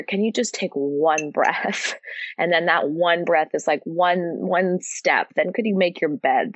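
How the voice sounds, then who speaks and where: Earnest low-voiced woman, yoga teacher. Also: no echo, dull audio. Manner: earnest, open and expressive, speeds up and slows down for emphasis. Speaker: yoga and breathwork teacher, podcast guest. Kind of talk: casual interview conversation.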